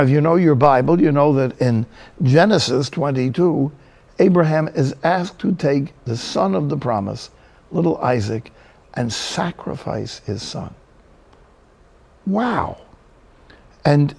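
A man's voice: on the high side, creaky, darkish tone, husky. A man from New Jersey preaching a sermon, telling Bible stories with humorous asides. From New Jersey, USA.

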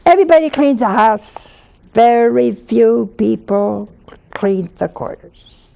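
Brief: a woman preacher, slightly high and gravelly, conversational storytelling homily. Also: expressive, slow. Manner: conversational storytelling with gentle humor. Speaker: Catholic religious speaker. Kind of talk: homily with anecdotes.

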